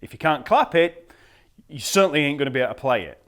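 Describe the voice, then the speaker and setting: Man counting out bass rhythms. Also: fast. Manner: counts rhythms aloud and scats beats; relaxed, patient explaining with fillers. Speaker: bass teacher. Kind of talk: instructional bass lesson. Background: bass guitar playing.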